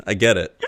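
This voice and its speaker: A man co-hosting a podcast in casual chat, laughing often and restarting his sentences. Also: noisy background. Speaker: podcast co-host.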